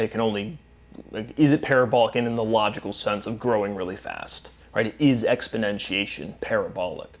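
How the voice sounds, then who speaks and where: Man giving a rambling solo lecture. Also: medium pitch. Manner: repetitive, emphatic, circling through definitions; filler-heavy with frequent "right?" and "um". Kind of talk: unscripted solo monologue.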